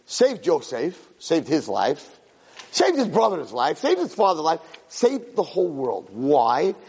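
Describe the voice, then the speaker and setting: Male Torah teacher, husky voice, animated and repetitive, reverberant hall. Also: on the high side, measured pace. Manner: animated, repeats phrases for emphasis, Hebrew terms mixed in. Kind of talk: Torah class on the weekly portion.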